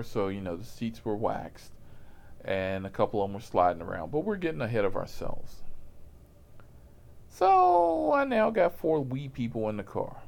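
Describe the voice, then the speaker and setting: A man's voice: lowish voice, a little mellow. A man telling a profane, comic story about his rideshare job in a casual voice, laughing at himself as he goes.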